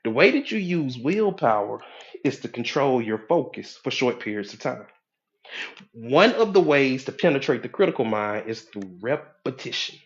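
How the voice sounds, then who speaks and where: A male hypnotherapist explains the mind in a casual, colloquial teaching talk. He acts out the inner voices as he goes, at a middling pitch. The recording is a bit dull and lo-fi. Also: sing-song, normal speed. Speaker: hypnotherapist and coach.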